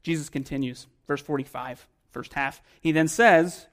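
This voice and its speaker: A pastor delivering a sermon to his congregation, his voice sitting a little higher than most men's. He talks in a relaxed, everyday way, full of casual turns of phrase, then leans into key points with force before dropping back down to near-hushed remarks. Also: normal speed. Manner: conversational preaching with emphatic swells and quiet drops.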